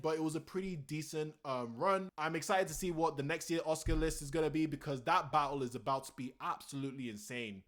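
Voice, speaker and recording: Animated opinionated young man. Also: a little high. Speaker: vlogger. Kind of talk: casual opinion commentary.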